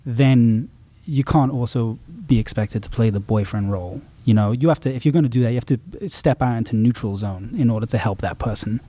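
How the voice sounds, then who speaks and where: Dark-voiced musician talking reflectively. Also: male voice, medium pitch, brisk, hardly any pauses, no room sound. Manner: reflective, rambling with many restarts. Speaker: musician guest. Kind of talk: casual interview talk.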